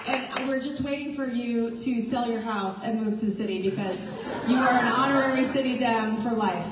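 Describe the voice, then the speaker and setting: A woman's voice: on the high side, normal speed, heavy background noise. A woman party chair, tired from little sleep, talking casually to a crowd in a rambling, self-mocking way and laughing between thoughts. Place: large indoor meeting room with a crowd. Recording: echoey hall, voice from far off.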